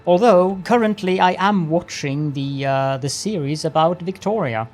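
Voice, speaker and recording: A man's voice: fairly high pitch, unhurried, a little mellow, a little hiss or hum. A man streaming a factory-building game, chatting with viewers and talking himself through each step in a mock-formal, playful way. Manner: greets chat with mock-formal politeness. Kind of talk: live-stream gameplay commentary.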